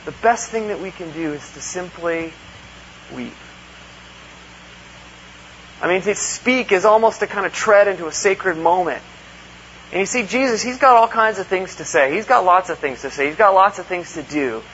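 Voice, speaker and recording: A man's voice: high-pitched, moderate pace, pauses often, a bit bright. A man preaching a conversational sermon, earnest, asking rhetorical questions and acting out quotes. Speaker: pastor. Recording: dull lo-fi recording with faint hum.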